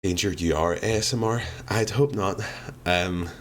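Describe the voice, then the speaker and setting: Deep-voiced streamer. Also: male voice, normal speed, a little hiss or hum. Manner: rambling, wry and self-deprecating. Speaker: live streamer. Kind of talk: casual chat reading out viewer comments. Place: home streaming room.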